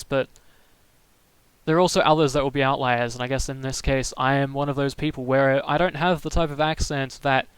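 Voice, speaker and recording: A young man from Melbourne with a slightly raised pitch and a smooth, clean voice, recorded dry and close. He rambles through casual stream chat, stopping and restarting his sentences as he answers viewers. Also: dry recording, low-quality recording. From Melbourne, Australia.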